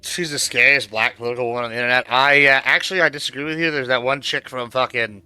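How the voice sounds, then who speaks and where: A man's voice: medium pitch, steady tone, fast talker, sharp tone, smooth, dry recording, soft background music. A man streaming a game, chatting casually in a rambling, crude way with plenty of swearing and fillers. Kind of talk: casual chat while gaming.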